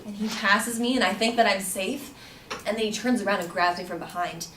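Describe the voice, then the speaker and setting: A woman's voice: mid-range voice, a little fast. Woman telling a story in a roomy space. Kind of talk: personal story told to an audience. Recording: roomy, distant mic with faint background noise.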